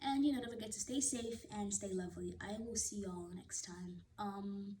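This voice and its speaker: A woman vlogger telling a personal story in a casual, animated and dramatic way. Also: mid-range voice, moderate pace, a little hiss or hum, rough recording.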